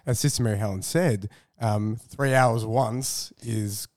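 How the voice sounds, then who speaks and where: A man with a fairly low voice speaks as a guest in a relaxed talk. He is sincere and a bit halting. The sound is dry, with no room echo. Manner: sincere, slightly halting, self-correcting. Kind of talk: casual faith discussion.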